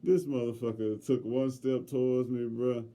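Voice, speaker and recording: Dark-voiced, profane man telling a story. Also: mid-range voice, normal speed. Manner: heavily profane, animated, loud when quoting himself. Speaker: podcast co-host. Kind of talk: casual storytelling.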